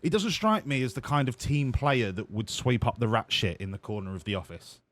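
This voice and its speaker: A man's voice: mid-range voice, animated, a little fast. A man giving casual, joking commentary while playing a game, sweary and self-mocking. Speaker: streamer.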